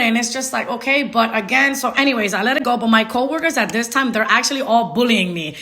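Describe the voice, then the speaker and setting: A young woman telling a dating story in a casual, animated way, slipping into Spanish phrases. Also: fairly high pitch, fast talker, hardly any pauses. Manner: animated, laughing often, switches into Spanish. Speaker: storyteller vlogger.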